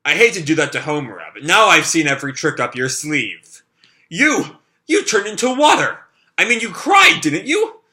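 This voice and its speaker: A man voicing a cocky young man who calmly lays out how he tricked his foe. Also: fairly high pitch, normal speed, exaggerated voice. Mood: smug.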